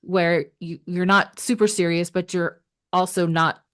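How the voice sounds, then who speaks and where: A woman's voice: on the low side, steady tone, a little slow, a bit bright. An older woman hosting a podcast, chatting casually and often agreeing with her guest. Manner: chatty, agreeable, frequent affirmations. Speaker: podcast host.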